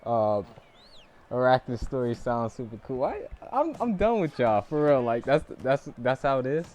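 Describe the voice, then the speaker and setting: A man's voice: mid-range voice, lively intonation, moderate pace. Laid-back young man hosting a stream. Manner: laid-back, breaks into laughter and loud bursts. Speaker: stream host and boxing commentator. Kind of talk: casual live-stream chat.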